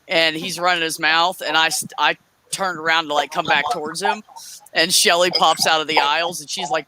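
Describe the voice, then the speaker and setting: A woman co-hosting a casual livestream, telling profane, animated anecdotes and acting out the quotes. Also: fairly low pitch, a little fast, slight background noise, poor audio. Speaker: livestream co-host, store worker. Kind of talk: casual chat storytelling.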